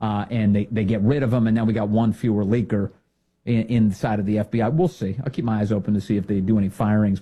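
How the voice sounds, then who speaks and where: A man's voice: fairly low pitch, dark tone, breathy edge. A man hosting a political commentary show, talking in a sarcastic, mocking way and mimicking others in silly voices.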